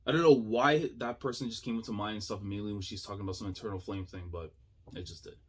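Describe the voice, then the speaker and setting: A man giving casual, excitable reaction commentary as a YouTuber, thinking aloud with slang and frequent laughs. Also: on the low side, rapid-fire, husky.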